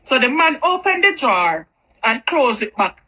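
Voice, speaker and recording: Woman, casual storytime, high voice, animated, repeats phrases. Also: moderate pace, rough recording.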